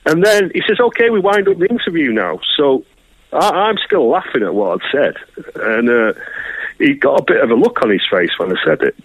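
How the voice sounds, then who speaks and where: A man's voice: medium pitch, sing-song, moderate pace, no echo, phone-quality sound. A man, a guest angler, telling rambling, crude stories in casual chat and acting out voices. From England. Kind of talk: casual anecdote.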